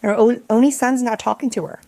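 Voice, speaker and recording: A middle-aged woman on a panel, speaking with frank, earnest candor. Her voice sits somewhat high, and the sound is close and dry, with no room echo. She talks loosely and often restarts her sentences. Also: steady tone, brisk, mellow. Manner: candid, earnest, confessional; conversational with frequent restarts. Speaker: panelist, community program leader. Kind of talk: panel discussion talk.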